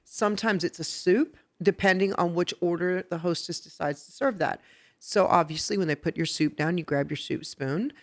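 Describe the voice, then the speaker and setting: A woman hosting a podcast who teaches etiquette step by step, checking in with "okay?" and getting lively and laughing when she tells stories. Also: lowish voice, normal speed. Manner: instructive, explains step by step with "okay?" and "right?". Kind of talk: casual podcast chat. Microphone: podcast microphone.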